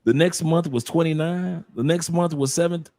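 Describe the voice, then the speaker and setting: A man's voice: fairly high pitch, moderate pace, dark tone, no room sound, clean studio sound. A man from the United States, a podcast guest talking casually and emphatically, lecturing the audience directly.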